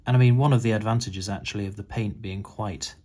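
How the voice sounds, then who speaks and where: A middle-aged man calmly talking through a model-building tutorial, often hesitating and restarting his sentences. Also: lowish voice, fast talker. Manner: hesitant, with frequent restarts and fillers. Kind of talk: relaxed tutorial voice-over.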